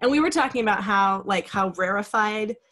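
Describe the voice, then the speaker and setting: A woman's voice: medium pitch, fairly quick, a bit bright. A woman hosting a podcast interview, asking questions in a curious, conversational way. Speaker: podcast host. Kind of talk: casual interview chat.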